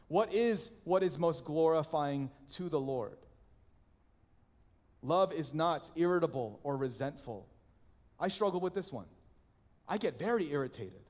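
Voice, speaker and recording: A pastor preaching a sermon in a church, passionate and animated, often restarting his phrases. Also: high voice, big-room sound. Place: church sanctuary.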